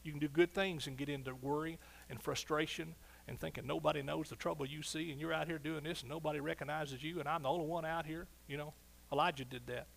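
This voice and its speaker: A middle-aged man preaching a sermon as pastor, animated, swinging between soft asides and loud exclamations. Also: on the high side, fast talker, creaky, slight background noise.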